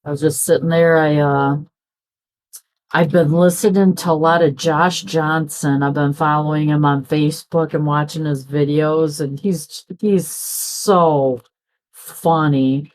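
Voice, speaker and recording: A middle-aged woman with a low voice talks in an unhurried, rambling way as she works on a craft. She drifts from one story to the next and slips into the voices of people she quotes. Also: steady tone, darkish tone. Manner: chatty, rambling, acts out quoted dialogue. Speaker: crafting vlogger. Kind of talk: casual chat while crafting.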